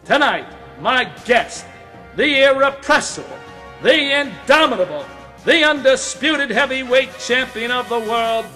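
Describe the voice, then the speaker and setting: Casting: grandiose older sportscaster, booming and drawn out, as a man puts him on. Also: lively intonation, bright, forceful tone, big-room sound, soft background music, exaggerated voice. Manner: booming announcer cadence, drawn-out words.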